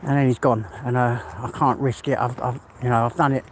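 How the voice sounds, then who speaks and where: A man's voice: medium pitch, level tone, a little fast. A middle-aged English man chatting casually as he walks his dog, rambling and talking to the dog now and then. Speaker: vlogger walking his dog. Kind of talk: casual vlog chat. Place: outdoors in the countryside by a river. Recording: clear outdoor background noise.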